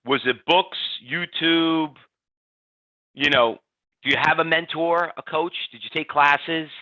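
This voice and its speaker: A man hosting a live trading webinar, talking in an energetic, chatty way and reading out audience answers by name. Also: fairly high pitch, takes it slowly, no room sound. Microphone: computer mic on a webinar stream. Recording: dull, slightly lo-fi webinar audio, dry.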